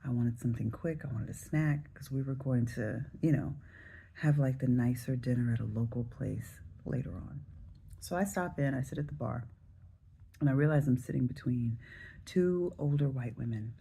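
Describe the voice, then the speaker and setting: A woman in her forties from the Southern US, telling a travel story to camera in a chatty, relaxed way. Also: a bass voice, moderate pace, vocal fry, husky. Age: 40s. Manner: chatty, relaxed, addresses viewers directly. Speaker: travel vlogger.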